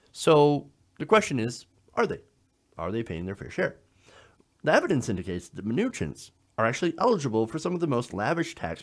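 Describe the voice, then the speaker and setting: A man hosting a political commentary show, explaining in an emphatic style and often checking in with the listener. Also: medium pitch. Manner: emphatic, explanatory, frequent "now" and "okay?" checks.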